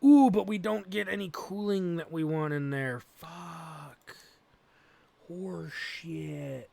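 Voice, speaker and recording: A man's voice: sits high, normal speed, gravelly, mellow. A man hosting a let's play, thinking aloud as he plays and swearing freely. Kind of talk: gameplay commentary.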